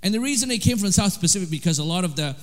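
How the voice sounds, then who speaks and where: A man with a high voice preaches a sermon with lively swings between loud emphatic lines and quiet asides. His voice carries with a long reverb, as in a large hall. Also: rapid-fire. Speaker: pastor.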